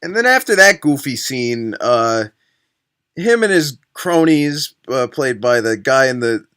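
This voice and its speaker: A man's voice: medium pitch, lively intonation, unhurried, sharp tone, clean tone. A young man giving a comedic movie-review rant, sarcastic, profane and exasperated. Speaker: film reviewer.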